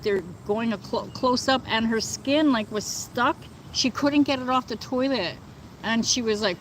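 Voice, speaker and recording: A woman with a fairly high voice chats indignantly on a casual livestream, answering her viewers as she goes. Her speech is loose and full of "like" and "you know". Faint outdoor noise stays in the background. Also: low-quality recording. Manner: chatty and indignant, with many fillers like "like" and "you know". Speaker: livestream host. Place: outdoors, within earshot of birds and thunder.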